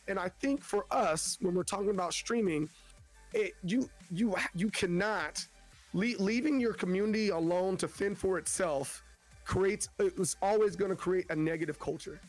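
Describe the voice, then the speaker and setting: Guest streamer, male, high register, rambling delivery, from Tennessee. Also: moderate pace, soft background music. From Tennessee, USA. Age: adult with children. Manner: rambling, frequent restarts, acts out quotes. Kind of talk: casual interview talk.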